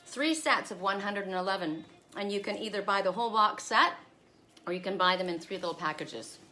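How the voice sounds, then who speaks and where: A middle-aged woman hosts a casual live stream outdoors, reading oracle cards for viewers in a friendly, rambling way, recorded on a phone camera. Her voice is medium-pitched, a little fast, and sharp, with faint music in the background.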